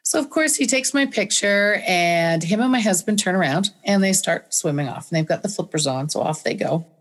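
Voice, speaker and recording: A woman guest in an interview, telling a personal story with animated, dramatic storytelling. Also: medium pitch, normal speed. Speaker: guest speaker.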